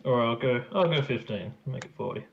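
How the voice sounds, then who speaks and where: A man's voice: mid-range voice, animated, a little fast, creaky. A man playing in a tabletop game, talking in a laid-back, direct way. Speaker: player. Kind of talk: casual chat. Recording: dull muffled mic, faint noise.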